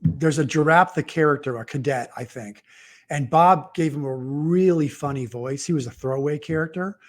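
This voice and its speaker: Man, author, higher-pitched voice, easygoing, halting, livestream chat. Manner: easygoing, halting, frequent agreeing yeahs. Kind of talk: casual livestream conversation.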